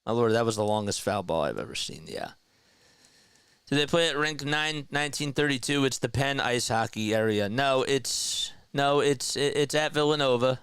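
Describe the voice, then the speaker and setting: A young man runs a fan play-by-play stream, moving between calling pitches and chatting with his viewers. His voice is smooth and resonant. It sounds dry and close, with no room around it. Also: a bit bright, no room sound. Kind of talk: casual live play-by-play commentary.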